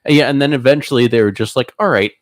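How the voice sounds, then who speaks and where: A young man co-hosting a podcast, telling stories in casual chat and acting out quotes in squeaky put-on voices. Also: quick pace, no room sound. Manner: animated storyteller, acts out quotes in high voices, laughs often. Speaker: podcast co-host.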